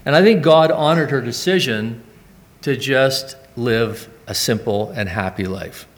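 A man's voice: mid-range voice, a little slow. Earnest man telling a rambling testimony. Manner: earnest, rambling anecdotes with asides. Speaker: church member sharing a mission testimony. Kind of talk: personal testimony storytelling.

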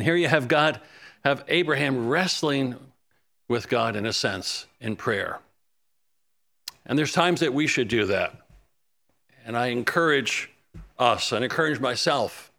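Fervent bright-voiced male preacher. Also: mid-range voice, expressive, a little slow, gravelly, pauses often. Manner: fervent, rising to urgent pleading when quoting prayer. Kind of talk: sermon.

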